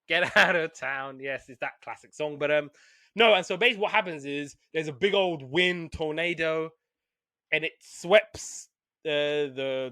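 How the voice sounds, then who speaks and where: A man hosting a podcast in casual chat, retelling cartoons with lively put-on voices. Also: fairly high pitch, clean tone, no echo, clean studio sound. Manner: animated storytelling with put-on voices. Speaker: podcast host.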